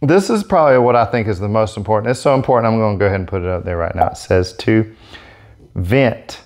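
A man hosting a casual product demo vlog, talking in an excitable, gushing way into a set-up microphone. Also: on the low side, fast talker, background noise. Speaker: airbrush artist demonstrating markers.

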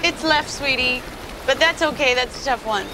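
An actress brings to life a bossy young woman in a sitcom who tries to teach a friend to sail. Her voice sits very high, sweet and coaxing until she snaps into a yell. The sound is a noisy TV soundtrack with studio laughter behind it. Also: moderate pace, natural voice. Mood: patient coaching. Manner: coaxing, then shouting in exasperation. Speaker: sitcom character. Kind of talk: sitcom acting.

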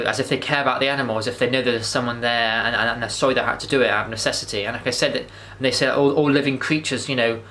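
Fast-talking, bright-voiced man. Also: medium pitch, slight background noise. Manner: rambling and enthusiastic, with frequent restarts and swearing. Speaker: vlogger. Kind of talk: casual movie review monologue.

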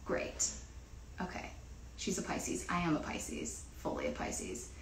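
A woman's voice: low voice, big pitch swings, a little slow, creaky, roomy sound, a little hiss or hum, rough recording. A young woman from New Jersey, a singer chatting casually on a livestream, rambling with lots of fillers and cursing freely.

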